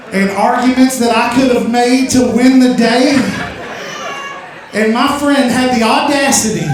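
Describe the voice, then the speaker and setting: Stand-up comic, male, from Louisiana; high-pitched, rambling delivery that builds to shouted rants, far off the mic. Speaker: stand-up comedian. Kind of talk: stand-up comedy set. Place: comedy club stage. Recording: echoey club from far off mic.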